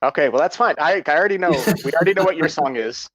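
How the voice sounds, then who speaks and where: A man's voice: fairly high pitch, animated, rapid-fire, crowd noise. A man co-hosting a casual podcast over a video call, bantering and swearing with the guests. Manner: joking, profane banter. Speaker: podcast co-host.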